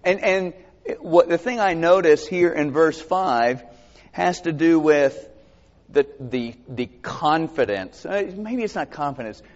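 Speaking slowly in a fairly high voice, this male pastor preaches an animated, expressive sermon in a conversational style. He reads scripture to the congregation and asks them questions, all captured in dull audio with long hall reverb.

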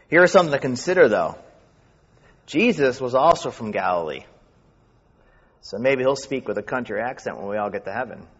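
A man from New York with a faint New York accent, a pastor preaching fast and reading scripture. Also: mid-range voice. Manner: talks fast. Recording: echoey hall, dull sound.

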